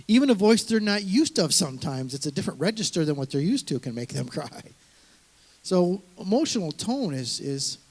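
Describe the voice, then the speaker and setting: A middle-aged man, a pastor, giving an earnest, conversational sermon, often restarting his sentences. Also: on the high side.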